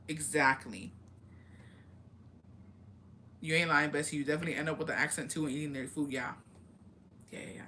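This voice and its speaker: A woman's voice: low voice, sharp tone, a little hiss or hum. Profane, chatty woman on a live stream. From Mexican heritage. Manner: blunt, profane, chatty, reads comments aloud. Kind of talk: casual live-stream chat.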